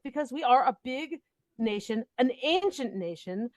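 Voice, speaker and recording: A woman's voice: high voice, expressive, moderate pace, darkish tone, dry recording. A middle-aged woman speaking as a guest, blunt and emotional in a heated discussion. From Israel. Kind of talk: impassioned discussion.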